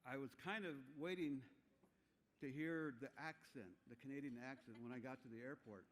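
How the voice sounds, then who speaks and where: A man's voice: medium pitch, normal speed, slight background noise. An older man from Arizona's Navajo Nation presenting an award at a banquet on a handheld mic, rambling and joking at his own expense. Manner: rambling, joking, self-deprecating. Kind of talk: informal banquet speech. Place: banquet hall.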